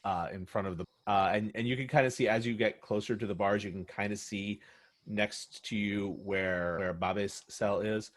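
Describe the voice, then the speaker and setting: A man's voice: fairly low pitch, fairly even intonation, normal speed. A man acting as game master, narrating a tabletop game in a loose, rambling way with many fillers.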